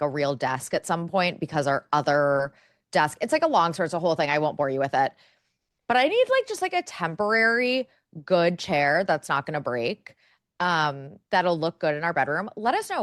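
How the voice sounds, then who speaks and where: Young woman, podcast co-host, rambling casual chat, slightly low voice, very dry close sound. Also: fairly bright tone, no echo. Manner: chatty, rambling, lots of fillers.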